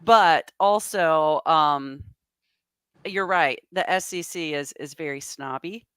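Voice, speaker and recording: A woman in her fifties hosting a casual panel chat, unhurried and mixing in French words. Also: low-pitched, fairly bright tone, clean tone, dry recording. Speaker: podcast host.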